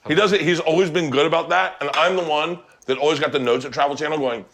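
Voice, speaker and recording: A man hosting a casual cooking chat, telling stories loudly and laughing often. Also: on the high side, fairly even intonation, fast. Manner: loud, laughing storyteller. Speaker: host.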